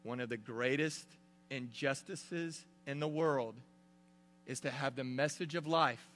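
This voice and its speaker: A middle-aged man, a pastor, giving an animated sermon full of storytelling. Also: mid-range voice, unhurried, long reverb tail, slight background noise.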